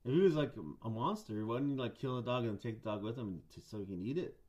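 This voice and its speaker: Swearing podcast host reading monster lore. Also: male voice, medium pitch, quick pace, darkish tone. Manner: profane, laughing, reads notes aloud. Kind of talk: casual podcast chat.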